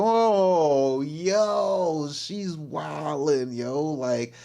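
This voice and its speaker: Animated man reacting in loose slang. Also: a little high, unhurried. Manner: slangy, exclaiming, laughing often. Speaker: livestream host. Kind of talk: casual reaction commentary.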